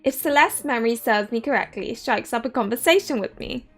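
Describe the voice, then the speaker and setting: A woman in her thirties, excitably reading a visual novel aloud and reacting with giggles. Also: a little high, fairly quick. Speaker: game streamer.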